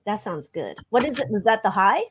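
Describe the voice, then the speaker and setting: A woman's voice: medium pitch, very animated, a little fast, fairly bright tone, husky. A woman co-hosting a live tarot stream, chatting in a playful, bubbly way and swearing casually. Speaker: tarot reader co-host. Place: home room.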